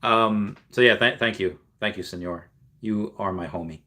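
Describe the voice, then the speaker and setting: Rambling man with a bright voice. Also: lowish voice, moderate pace. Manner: rambling, full of fillers and restarts; reads viewer messages aloud and replies. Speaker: streamer answering live chat. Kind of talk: casual livestream chat.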